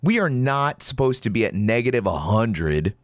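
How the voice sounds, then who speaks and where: A man's voice: medium pitch, big pitch swings, moderate pace, dry recording, studio quality. A man hosting a podcast, delivering an opinionated monologue in a sarcastic, ranting way. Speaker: podcast host.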